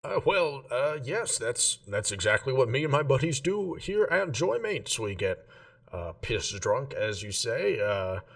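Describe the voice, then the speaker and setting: A man's voice: mid-range voice, big pitch swings, a little slow, creaky, distant mic, pitched above the performer's own voice. A man voicing a rowdy male tavern regular who talks in a loose, hesitant drawl. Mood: jovial.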